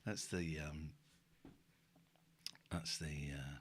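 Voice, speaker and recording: A man's voice: rumbling low, steady tone, extremely slow, breathy edge. A man hosting a casual late-night stream, reading out viewer comments with wry asides. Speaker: stream host.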